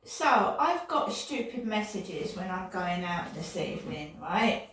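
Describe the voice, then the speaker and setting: A woman's voice: mid-range voice, big pitch swings, slow, a bit bright. An older woman vlogging in a rambling, indignant monologue that often repeats itself. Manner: indignant, repetitive, digressive. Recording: echoey room, distant from mic.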